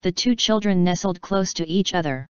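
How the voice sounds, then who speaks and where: A woman narrating a classic novel as an audiobook in a measured storytelling manner. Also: lowish voice, clear, resonant tone, no echo. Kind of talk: scripted narration. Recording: slightly dull, dry recording.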